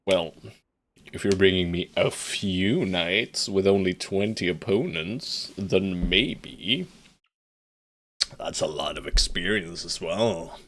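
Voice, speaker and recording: A man with a lowish voice gives relaxed, playful commentary over a live strategy game. He talks at an easygoing pace and jokes with his viewers. He barks orders at his units and swears casually along the way. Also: takes it slowly. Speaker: streamer playing a strategy game.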